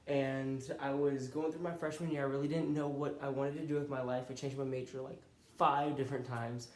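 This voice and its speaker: A man's voice: mid-range voice, a little mellow. A young man telling a personal faith testimony in an earnest, conversational way. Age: young adult. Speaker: college student and youth pastor. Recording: roomy echo.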